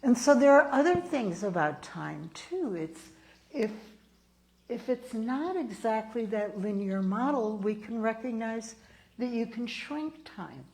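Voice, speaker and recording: A woman's voice: fairly high pitch, lively intonation, darkish tone, rough recording. A woman in her sixties, a minister, giving a sermon and telling personal stories, acting out the people she quotes. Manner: slow, storytelling, acts out quoted people. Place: church sanctuary.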